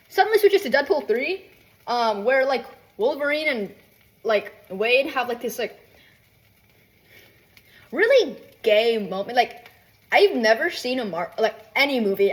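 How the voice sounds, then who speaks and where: A young woman ranting casually while cooking at home, rambling with lots of fillers, asides and swearing. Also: on the high side. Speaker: vlogger. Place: home kitchen.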